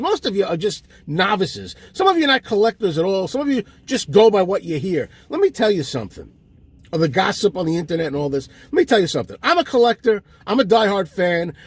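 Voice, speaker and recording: Husky, very high-voiced man on a comic rant, exasperated and insulting, pitch leaping all over. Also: no room sound. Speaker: comic ranting host. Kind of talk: comedic rant.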